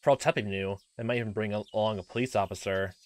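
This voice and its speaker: A man's voice: on the low side, fairly even intonation, fast talker. A man reading a visual novel aloud with restarts and joking asides, in a middling voice. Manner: reads with restarts, laughs into asides. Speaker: let's play narrator.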